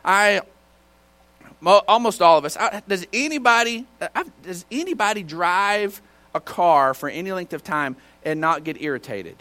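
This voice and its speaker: A man's voice: high voice, animated, normal speed. Folksy preacher man. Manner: folksy storytelling with bursts of shouting. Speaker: pastor. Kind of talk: sermon. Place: church.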